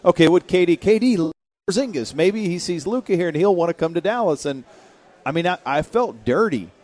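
A man's voice: sits high, animated, fairly quick, a little mellow. A man co-hosting a sports radio show, rambling and self-mocking, often stumbling over and repeating his words. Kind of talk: casual sports talk radio banter.

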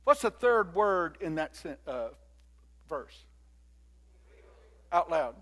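Older man preaching in a high voice. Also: very animated, takes it slowly. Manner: call-and-response preaching, swinging from quiet to loud. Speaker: pastor. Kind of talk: sermon.

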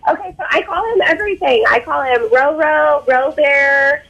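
A woman calling in to a radio show, bubbly and giggly, talking in quick bursts about her dogs. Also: high voice, fairly bright tone, lo-fi sound. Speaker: caller. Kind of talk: casual phone-in chat.

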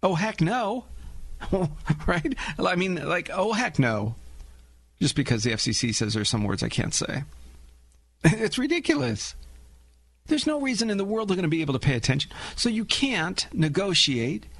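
Lively radio host telling stories. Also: male voice, high voice, moderate pace, no echo. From Los Angeles, US. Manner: animated storytelling with chuckles and rhetorical questions. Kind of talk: talk radio monologue.

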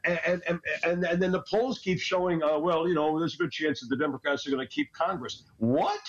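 A man's voice: fairly high pitch, fairly quick, dull audio. A man ranting on a talk radio show, agitated and scattered, stammering and laughing as he goes. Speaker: regular radio commentator. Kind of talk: animated political talk radio rant.

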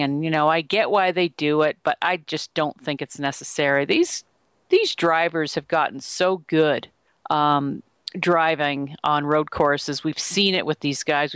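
A woman's voice: low-pitched, a bit bright, clear, resonant tone, no room sound. A woman co-hosting a motorsport talk podcast, sharing opinions in an easygoing, chatty way. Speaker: podcast co-host. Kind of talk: casual sports talk.

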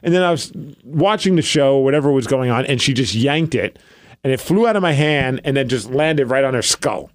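On a casual podcast, a man in his thirties acts as co-host, spinning animated stories and laughing a lot. His medium-pitched voice moves fairly quickly, captured in clean studio sound with no echo.

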